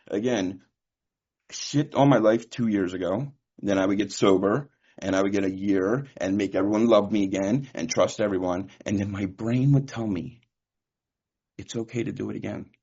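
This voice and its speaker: A man's voice: on the low side, breathy edge. A man from California giving a candid, profane personal share at a recovery meeting, telling stories with quoted dialogue. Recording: muffled lo-fi recording.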